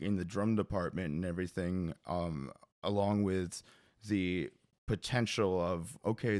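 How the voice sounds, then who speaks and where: A man's voice: low-pitched, a little mellow, dry recording, clean studio sound. A man, a guest drummer, talking casually with frequent hesitations and restarts. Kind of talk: casual conversation.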